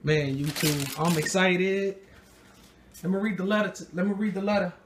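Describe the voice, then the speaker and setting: Man, sneaker vlogger, high voice, excitable, slangy, talks to viewers. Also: moderate pace, a little hiss or hum. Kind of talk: excited unboxing vlog.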